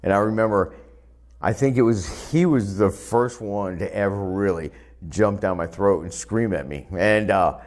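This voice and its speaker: A man with a somewhat low voice tells stories about his early days in a casual interview. He talks in an animated, self-deprecating way, laughing at his own mistakes. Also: normal speed. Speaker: pro wrestler.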